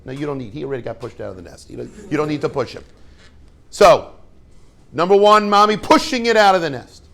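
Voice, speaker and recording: Man, rabbi, informal lesson, joking, asks the class questions, somewhat high voice. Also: expressive, a little fast, vocal fry, a bit bright. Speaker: rabbi teaching students.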